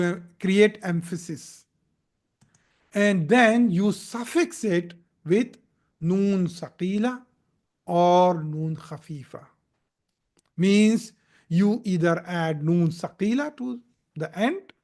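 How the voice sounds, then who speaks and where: A man's voice: high voice, darkish tone. A man teaching Arabic grammar in a live recorded lesson. He explains step by step, repeats key points, corrects himself and often checks in with "Okay?". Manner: slow, repetitive explaining with frequent "Okay?" checks and self-corrections. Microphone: recorded in a live video session.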